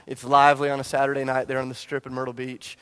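A man's voice: medium pitch, completely flat delivery, fast talker, fairly bright tone, smooth. A man in his forties preaching to a church congregation, telling a personal story with self-deprecating humor and frequent restarts. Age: 40s. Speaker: pastor. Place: church service before a congregation.

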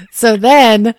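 A woman in her thirties talking candidly about parenting and therapy in a relaxed podcast chat, reflective and quick to laugh. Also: fairly high pitch, no room sound, clean studio sound. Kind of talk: casual podcast conversation.

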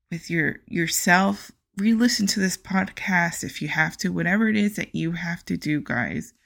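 Woman podcast host, low gravelly voice, slow impassioned delivery. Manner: impassioned, reads scripture slowly and emphatically. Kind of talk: earnest faith podcast monologue.

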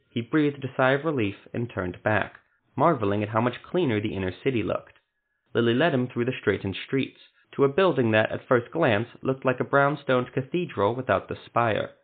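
A man narrating a fantasy story in a steady, descriptive reading style. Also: medium pitch. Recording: phone-like narrow sound.

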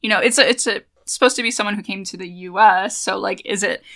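A woman's voice: mid-range voice, fast, fairly bright tone. A woman co-hosting a podcast, chatting casually and animatedly, laughing often and trailing off mid-thought. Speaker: podcast co-host. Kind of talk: casual chat.

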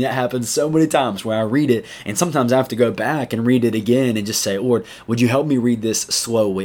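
A young man, a high school youth pastor giving a casual, chatty podcast devotional, saying "man" often. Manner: laid-back, chatty, says "man" a lot.

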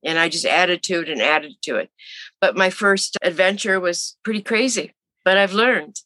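A woman's voice: fairly low pitch, moderate pace, no echo. A woman in her seventies, an interview guest telling her story casually and acting out the voices of people she quotes. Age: 70s. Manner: animated, acts out quoted voices.

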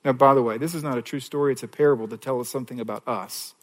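A pastor preaching an earnest sermon, rising to loud, high passages and dropping to a soft near-whisper on key lines. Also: male voice, fairly even intonation, very fast. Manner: earnest preaching with dramatic swings in pitch and volume.

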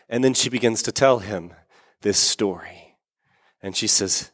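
A man's voice: medium pitch, fairly even intonation, measured pace. A man preaching a sermon, telling a story earnestly and repeating words for emphasis. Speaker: pastor. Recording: long reverb of a large hall.

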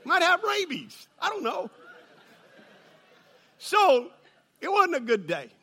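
A man preaching a sermon, telling a funny personal story and building to loud, excited peaks. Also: extremely high pitch, slow. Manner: storytelling with humor, rises to shouting. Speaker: pastor.

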